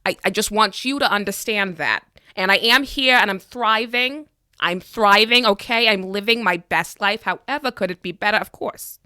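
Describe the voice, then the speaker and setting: A woman's voice: fairly low pitch, animated, normal speed, sharp tone, no room sound, studio quality. A woman playing a flustered young adventurer who rambles awkwardly in a tabletop game. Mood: indignant.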